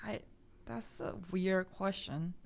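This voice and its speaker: A woman's voice: mid-range voice, slow pace, creaky. A young woman co-hosting a casual podcast, talking in a hesitant way and stopping to search for words. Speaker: podcast co-host. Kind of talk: casual chat.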